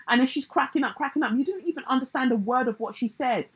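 Husky woman, blunt and sarcastic. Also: sits high, quick pace, rough recording. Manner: blunt, sarcastic, mocks others in put-on voices. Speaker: commentator. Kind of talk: casual pop-culture commentary.

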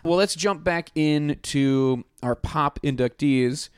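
A man's voice: a little high, takes it slowly, clean tone, no room sound, studio quality. A man hosting a casual music podcast, playful and joking as he leads the rundown. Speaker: podcast host. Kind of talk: casual chat.

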